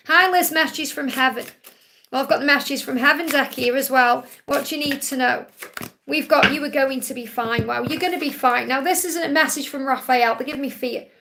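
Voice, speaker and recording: This woman has a Stoke-on-Trent accent and a fairly high voice. She hosts a live stream, answering viewers' questions with card readings. She talks gently and reassuringly and repeats her key phrases. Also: fairly quick, creaky, slight background noise. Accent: Stoke-on-Trent English. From England.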